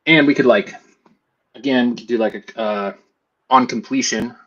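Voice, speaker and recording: A man's voice: medium pitch, normal speed, fairly bright tone, breathy edge, lo-fi sound. A man teaching a casual screen-share tutorial, thinking aloud as he builds. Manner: thinks aloud while building, talks to himself. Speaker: FlutterFlow trainer.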